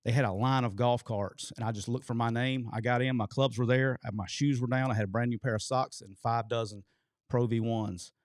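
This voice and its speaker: A man, co-hosting a show and telling a long story in an animated way, swearing casually. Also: medium pitch, fairly quick, dry recording, clean studio sound. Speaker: co-host telling a coaching story.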